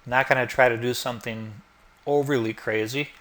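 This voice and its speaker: Bright-voiced man teaching design software. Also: mid-range voice, fairly quick. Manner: relaxed, explanatory, thinking aloud with fillers. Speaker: instructor. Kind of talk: screen-recorded software tutorial.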